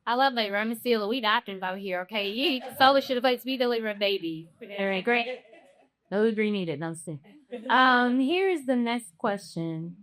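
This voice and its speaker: A woman's voice: on the high side, animated, moderate pace, fairly bright tone. Playful woman podcast host. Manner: playful, joking, encouraging. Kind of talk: casual podcast conversation.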